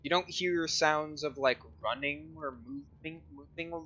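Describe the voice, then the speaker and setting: A man acting as game master for a tabletop game, walking the players through the dungeon with plenty of ums and uhs. His voice is fairly high and sharply bright. The stream audio sounds muffled and lo-fi. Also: measured pace, gravelly. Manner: explanatory, descriptive, hesitant with fillers.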